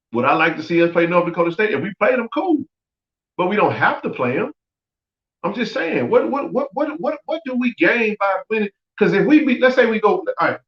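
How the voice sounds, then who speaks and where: A man hosting a sports podcast, giving blunt, opinionated talk and repeating phrases for emphasis. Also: high voice. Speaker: podcast host. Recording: echoey, dull lo-fi audio.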